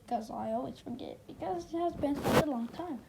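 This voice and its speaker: A woman's voice: sits high, a little fast, vocal fry, very noisy. A woman casually narrating a fan story, rambling and forgetting details.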